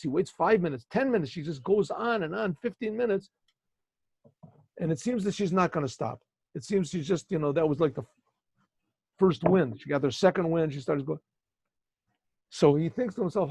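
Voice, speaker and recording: A male rabbi tells a story in a loose, conversational way, often turning to his listeners. His voice is fairly high, gravelly and dark in tone. The video call audio is dull and dry. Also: no echo. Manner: conversational, digressive, asks listeners. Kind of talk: storytelling lesson.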